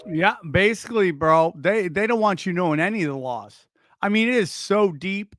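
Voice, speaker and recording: A man hosting a comedy podcast, reacting to videos in an excitable, swearing rant and breaking off now and then to scold his dog. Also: high-pitched, normal speed, soft background music. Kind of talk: casual comedic commentary.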